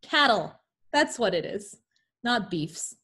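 A woman's voice: mid-range voice, very animated, takes it slowly, fairly bright tone, husky. A woman teaching French pronunciation in an online class over a video call. She reads French examples carefully and adds playful asides.

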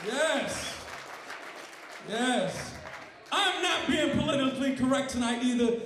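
High-voiced brash stand-up comic. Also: male voice, slow pace, long pauses, noisy background. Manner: profane, punchy, brash. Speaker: comedian. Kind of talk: stand-up routine. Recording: very echoey room with faint crowd.

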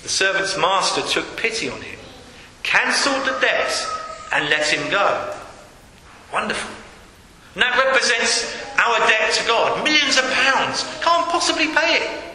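Earnest pastor in an echoey church. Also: male voice, extremely high pitch, sharp tone, slight background noise. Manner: earnest preaching, reads scripture aloud with acted quotes. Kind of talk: sermon. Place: church hall. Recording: echoey church hall with long reverb.

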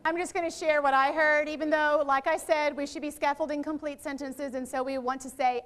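Woman workshop presenter, high-pitched, upbeat, draws answers from a live audience of teachers. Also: a little fast. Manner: lively, quizzes audience with questions. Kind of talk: interactive teacher training workshop. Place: training room with live audience.

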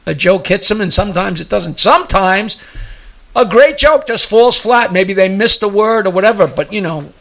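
A man with a high, gravelly voice and a bright, tense edge talks casually as a comedy guest. He rambles through his jokes, chuckling at his own lines as he builds to the punchline. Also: expressive, normal speed. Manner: chuckles while telling jokes, rambling storyteller. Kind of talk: casual chat and joke telling.

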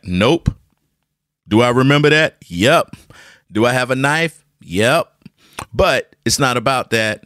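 Male podcast host, lively storyteller, close dry sound, jokey and conversational. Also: fairly low pitch, no room sound. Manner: animated, jokey, repeats words, talks to listeners. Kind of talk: casual storytelling monologue. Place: hot room at home with a ceiling fan.

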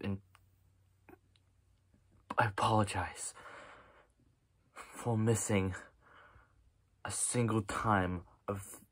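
A low-voiced man drags out a fake-sad apology to his viewers, sighing heavily between slow, deliberate phrases. His pitch sits on the low side. He drifts away from the mic at times. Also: fairly even intonation, breathy edge, dry recording. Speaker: YouTuber. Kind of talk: mock-serious apology vlog.

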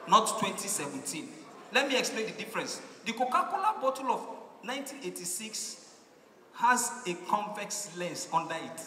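A man's voice: sits high, reverberant, big-room sound, a little hiss or hum. A man with a Nigerian accent doing stand-up comedy, telling a story and acting out its characters. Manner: animated storytelling, acting out voices, shouting punchlines.

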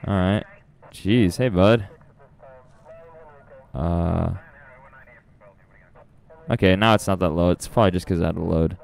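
A man's voice: low voice, steady tone, measured pace, creaky, pauses often, a little mellow. Nervous young man streaming a horror game. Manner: nervous, rambling, laughs often. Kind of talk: live gameplay commentary.

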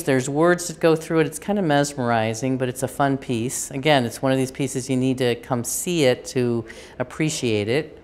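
Woman, low pitch, smooth clear tone, unscripted gallery tour, enthusiastic, frequent restarts. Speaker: gallery curator giving a tour.

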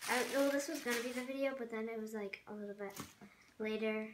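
A young woman vlogger chatting casually as she unboxes, gushing and excitable with lots of fillers. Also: a little high, quick pace. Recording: echoey room with background noise.

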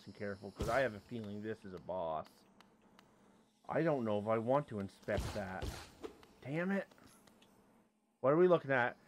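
A let's play host with a lowish voice casually comments while gaming, talking to on-screen creatures and bursting into sudden yelps and exclamations. There's slight background noise.

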